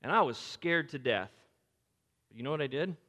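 An older man preaching a sermon as pastor, swinging between loud urgent lines and hushed, near-whispered quotes. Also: medium pitch, lively intonation, normal speed. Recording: long hall reverb.

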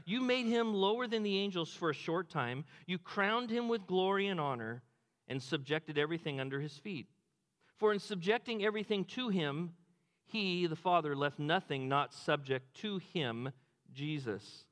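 A man preaching a sermon, animated, acting out quotes with a dropped low voice. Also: moderate pace, big-room sound. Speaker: pastor.

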